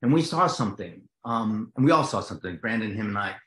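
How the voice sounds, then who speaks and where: A man's voice: fairly low pitch, animated, fast, a bit bright. Jersey guy actor rambling on, stumbles and restarts a lot, roomy echo. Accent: New Jersey. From New Jersey. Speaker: actor guest. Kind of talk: casual interview chat.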